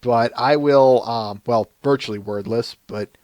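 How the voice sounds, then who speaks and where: A man's voice: medium pitch, unhurried, darkish tone, no room sound, lo-fi sound. A man with a Minnesotan accent hosting a casual live-stream podcast, chatty and laughing, often restarting his sentences. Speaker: podcast host.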